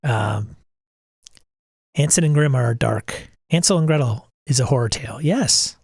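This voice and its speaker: A man's voice: mid-range voice, animated, measured pace, creaky, darkish tone, slightly rough, no echo. Middle-aged male host, casual and blunt, exasperated rants, dry close sound. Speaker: podcast host. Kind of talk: casual livestream talk.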